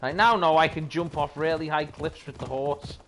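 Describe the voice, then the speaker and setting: A young man casually commentating while he plays a video game, yelling at the screen and chuckling. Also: fairly high pitch, moderate pace, slight background noise. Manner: animated, yells at the game, chuckles often. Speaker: gaming channel host. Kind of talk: casual let's-play commentary.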